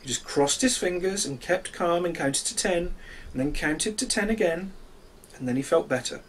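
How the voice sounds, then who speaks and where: A man reading a children's storybook aloud in a gentle, expressive way. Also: high-pitched, normal speed, slight background noise.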